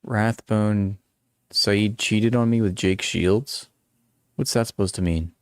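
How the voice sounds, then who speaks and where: A man on a live stream reacts to clips with sarcastic, mock-offended banter. His voice sits a little low and sounds dry and close to the mic. He teases and jokes as he talks. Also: fairly even intonation, takes it slowly, clean tone, no echo. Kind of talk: casual live-stream commentary. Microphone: headphones with a headset.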